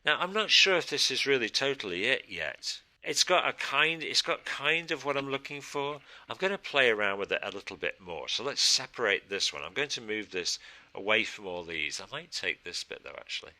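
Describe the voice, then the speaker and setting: A man's voice: medium pitch, very animated, fairly quick, sharp tone. A man teaching a casual design tutorial, thinking aloud and answering his own questions as he works. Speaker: design instructor. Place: studio.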